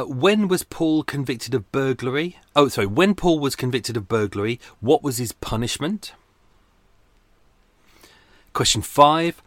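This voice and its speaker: A man's voice: mid-range voice, no echo. A man hosting his own podcast, chatting loosely with lots of fillers, casual swearing and self-deprecating asides, flagging in the heat. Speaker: true crime podcast host. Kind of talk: casual solo podcast monologue.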